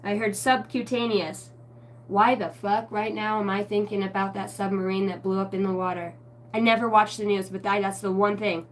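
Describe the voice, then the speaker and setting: A woman giving a rambling spiritual tarot reading, excitable and swearing constantly in a stream-of-consciousness flow. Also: medium pitch, normal speed, far from the mic, a little hiss or hum. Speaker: tarot reader.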